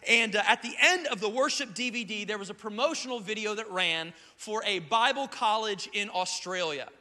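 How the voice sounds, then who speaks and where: A man in his thirties from South Carolina, preaching a sermon as a lively storyteller who acts out the quotes. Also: high-pitched, normal speed. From South Carolina, USA. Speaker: pastor. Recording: church hall reverb.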